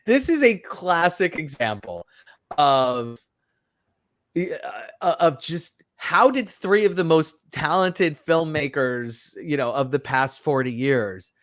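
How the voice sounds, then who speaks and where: A man co-hosting a podcast, chatting casually about a movie in a rambling, animated way full of fillers and restarts. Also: on the high side, slow, dry recording, clean studio sound. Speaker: podcast co-host. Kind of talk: casual film review chat.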